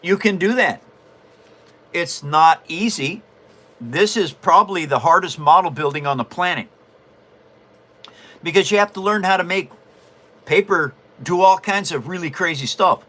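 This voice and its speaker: A man's voice: high voice, measured pace, pauses often, sharp tone. A man hosting a live stream, chatting casually while he works on a paper model and answers viewers. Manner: chatty, explains while building, self-amused. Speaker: host and paper model builder.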